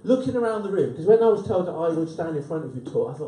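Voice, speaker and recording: Man, 50s, event host; high-pitched, chatty, jokey live-talk delivery, roomy sound from a distance. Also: big pitch swings, fast, dark tone. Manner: chatty, keeps tagging "right?" onto lines. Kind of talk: humorous live talk to an audience. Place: event room with an audience. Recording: roomy, voice from off the mic.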